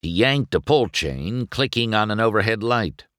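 A man narrating a storybook aloud in a slow, expressive way. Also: fairly low pitch, no room sound, studio quality. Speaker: storybook reader.

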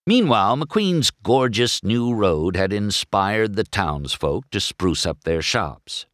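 A man's voice: low voice, a bit bright, no room sound, clean studio sound. A man reading a children's storybook aloud as narrator.

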